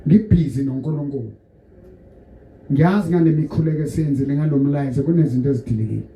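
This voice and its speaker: A man's voice: a little high, fast talker, dark tone, muffled recording. A man preaching and leading a church service, switching languages and guiding the congregation through call-and-response prayer. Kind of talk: sermon and led prayer. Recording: echoey noisy church hall.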